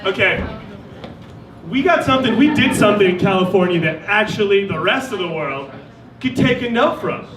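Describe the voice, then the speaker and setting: A man performing stand-up with a high, light voice and a wry, deadpan delivery. He sounds roomy and set back from the mic in a live venue, with a crowd around him. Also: moderate pace, distant mic. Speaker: stand-up comedian. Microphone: stage mic. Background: audience laughter.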